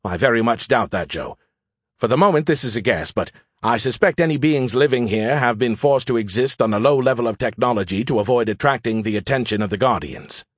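Give me a know-it-all male starship AI, voiced by a man, condescending and husky. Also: mid-range voice, animated, brisk, dry recording, studio quality, close to an everyday voice. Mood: smug. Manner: condescending, lecturing.

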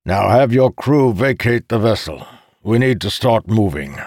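A man's voice: fairly low pitch, lively intonation, unhurried, darkish tone, dry recording, clean studio sound, pitched above the performer's own voice. A man voicing a cold, controlled male commander who gives firm orders. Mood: commanding.

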